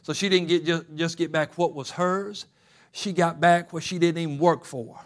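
A man preaching a sermon, moving between quiet, close talk and loud, fervent exhortation. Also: fairly high pitch, fairly even intonation, moderate pace.

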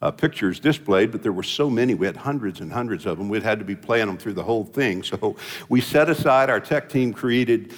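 A man's voice: fairly low pitch, expressive, a little fast, big-room sound. An older man preaching a sermon as pastor, telling folksy stories with jokes and asides. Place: church sanctuary.

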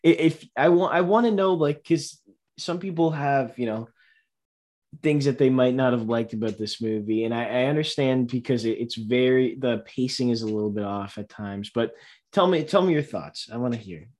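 A man's voice: mid-range voice, normal speed, a little mellow. Rambling casual podcast guy. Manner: rambling, upbeat, many fillers and restarts. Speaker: podcast co-host. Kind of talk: casual movie podcast chat.

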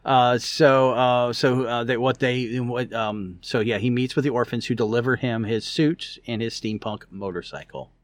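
A man's voice: mid-range voice, steady tone, moderate pace, hardly any pauses, no echo. A man co-hosting a podcast, recapping a story in casual chat, rambling with lots of fillers and restarts. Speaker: podcast co-host.

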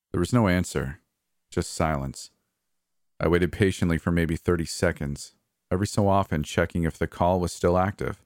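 A man's voice: low-pitched, normal speed, a little mellow, no echo, clean studio sound. A man narrating a first-person horror story in an anxious, hesitant manner.

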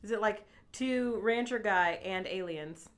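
A woman co-hosting a podcast, reacting playfully with teasing questions and quick comments. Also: medium pitch. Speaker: podcast co-host. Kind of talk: casual chat.

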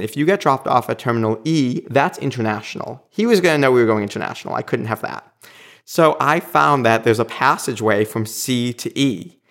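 A man recounting a personal story in a relaxed, chatty way. His voice sits at an ordinary middle pitch. He jumps into voicing the people in his tale with plenty of energy. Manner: animated, acts out quoted lines. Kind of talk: casual anecdote telling.

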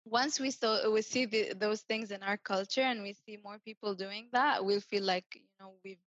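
A woman's voice: medium pitch, steady tone, normal speed, fairly bright tone, dry recording, lo-fi sound. A young adult woman co-hosting a podcast, talking casually over a video call and filling her speech with "you know". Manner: chatty, with many "you know"s. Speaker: podcast co-host.

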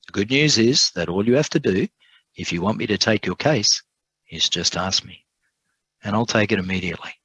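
A man voicing a gentle patient lawyer. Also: fairly low pitch, slightly rough, no echo, rough recording. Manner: soft-spoken, measured. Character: calm kind male lawyer, gentle and patient.

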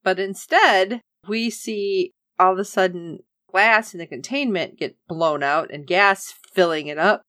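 Animated woman recapping a show. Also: medium pitch, a little slow, hardly any pauses, no room sound, studio quality. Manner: animated, acts out characters' lines. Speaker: podcast co-host recapping a TV episode. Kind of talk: casual chat.

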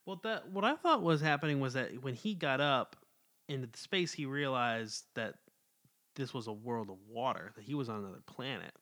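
A man's voice: mid-range voice, lively intonation, moderate pace, fairly bright tone. A man co-hosting a podcast, chatting casually about comic books and agreeing often with his co-host. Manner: agreeable, chimes in often and laughs. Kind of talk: casual comic book review chat.

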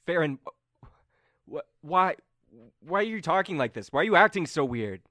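A man's voice: a little high, expressive, normal speed, sharp tone, no echo, voice pushed up. A man voicing an earnest, shaken young man who stammers and pleads. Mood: pleading. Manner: anxious, stammering.

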